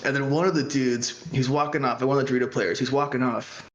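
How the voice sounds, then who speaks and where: A man telling a story in a casual podcast chat, animated and laughing, acting out loud crowd voices. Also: mid-range voice, fast, reverberant, highs cut off, a little hiss or hum. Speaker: podcast guest.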